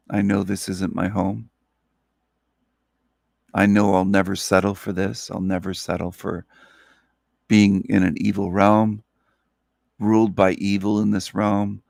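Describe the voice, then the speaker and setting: Sleepy man hosting a solo spiritual talk, low gravelly voice, dry close sound, slow earnest delivery. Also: a little mellow, no echo. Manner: slow, earnest, repetitive phrasing. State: sleepy, up all night. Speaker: channel host.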